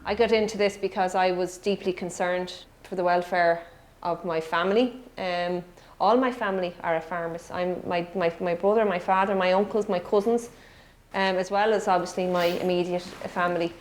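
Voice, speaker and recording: A woman's voice: on the low side, normal speed, a little hiss or hum. An Irish woman who teaches farm safety, talking in interviews and to schoolchildren with lots of questions. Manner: lively, talks to children with questions. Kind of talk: documentary interview and classroom talk.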